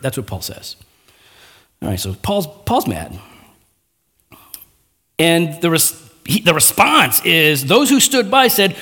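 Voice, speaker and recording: A man's voice: on the high side, slow pace, pauses often, slightly rough. A man preaching a sermon in a casual, conversational way, with slang asides and acted-out quotes from scripture. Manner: animated, acting out biblical quotes in raised voice. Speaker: pastor.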